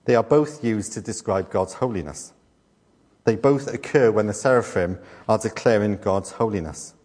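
A middle-aged man preaches in a fairly low voice, and a long reverb trails his words around a church hall. He teaches patiently and leans on rhetorical questions and repetition. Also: moderate pace, darkish tone. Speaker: pastor. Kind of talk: sermon.

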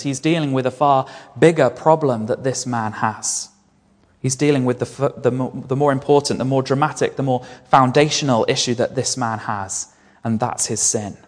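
A man preaching a sermon in an earnest way, repeating key phrases for emphasis. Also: medium pitch. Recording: long reverb of a large hall.

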